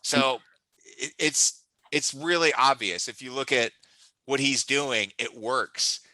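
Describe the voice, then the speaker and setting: A man's voice: medium pitch, slow pace, bright, forceful tone, dry recording, low-quality recording. A man co-hosting a casual wrestling chat, enthusiastic and teasing, often restarting his sentences. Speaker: podcast co-host.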